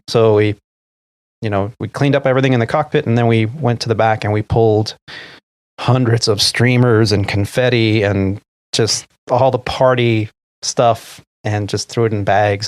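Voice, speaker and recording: A man's voice: on the low side, dry recording, clean studio sound. A middle-aged man, an airline pilot who co-hosts a podcast, telling a story casually and acting out the dialogue. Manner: animated retelling, acting out quoted dialogue.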